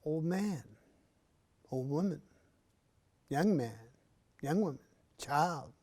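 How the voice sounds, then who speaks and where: A man performing a traditional story in an arts center, measured and unhurried, with long pauses and often dropping to a soft voice. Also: on the high side, lively intonation.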